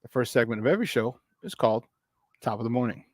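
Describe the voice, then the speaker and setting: A man's voice: medium pitch, expressive, fast talker, darkish tone, slight background noise. A young man hosting a casual morning sports talk show, rambling loosely and slipping into Spanish phrases.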